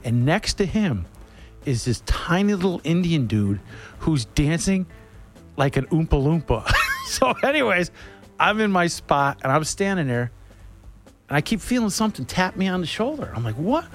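A man's voice: a little high, normal speed, soft background music. A man on the radio, telling a rambling funny story in a casual chat style, joking and laughing as he goes. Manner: animated, laughing, jokey storyteller.

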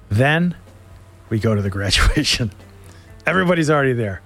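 A middle-aged man hosting a show, telling a comic story in an animated way and laughing through it. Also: mid-range voice, fairly quick, pauses often, faint music behind.

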